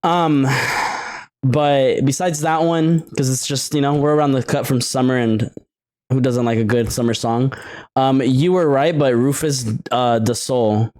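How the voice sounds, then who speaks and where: Easygoing podcast dude, mid voice, swears casually, loose chat. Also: male voice, medium pitch, fairly even intonation, measured pace, a little mellow. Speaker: podcast co-host.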